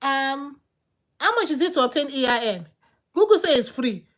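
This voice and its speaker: A woman's voice: high-pitched, very animated, normal speed. A woman with a Nigerian accent, hosting a channel and giving casual, emphatic advice that she repeats for effect. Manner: emphatic, repetitive, preachy. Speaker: channel host.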